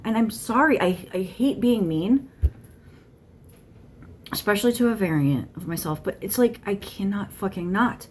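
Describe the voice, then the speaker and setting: A woman's voice: mid-range voice, expressive, moderate pace, a little hiss or hum. A woman giving a channeled monologue to camera, blunt and irritated, swearing constantly. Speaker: tarot channeler.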